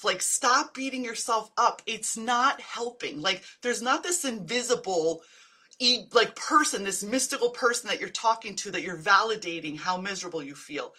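A woman's voice: fairly high pitch, expressive, measured pace, sharp tone, husky. A middle-aged woman chatting casually to viewers on a live stream, giving direct, upbeat wellness tips. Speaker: wellness livestream host.

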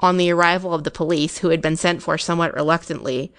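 Woman narrating a ghost story, lowish voice. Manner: measured, expressive reading.

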